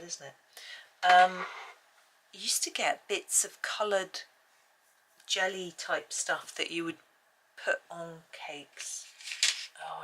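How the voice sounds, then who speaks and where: Woman, colouring host, bright gravelly low voice, casual thinking-aloud tutorial. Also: a little hiss or hum. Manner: chatty, thinking aloud while working. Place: at home.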